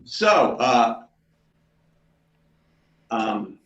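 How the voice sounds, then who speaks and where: An older man, a performer at an online open mic, talking in a casual, unhurried, rambling way over a video call. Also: medium pitch, big pitch swings, far from the mic. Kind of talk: casual chat and joke telling. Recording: roomy, dull video-call audio.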